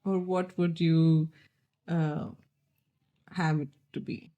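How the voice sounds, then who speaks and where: A woman's voice: low-pitched, level tone, slow pace, warm tone, highs cut off. A woman hosting a podcast, chatty and laughing as she asks long, winding questions. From India. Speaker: podcast host. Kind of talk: casual chat.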